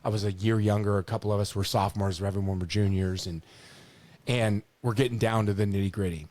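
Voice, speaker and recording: A middle-aged man co-hosting a podcast, telling stories in an animated, casual way, often repeating words and swearing now and then. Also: fairly low pitch, fairly quick, no room sound. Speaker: podcast co-host. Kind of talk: casual storytelling chat.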